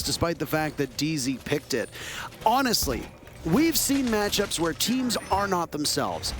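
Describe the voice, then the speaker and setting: A man casting an esports match play-by-play, excitable and jokey, pitching up sharply on big plays. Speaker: esports caster. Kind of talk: play-by-play commentary.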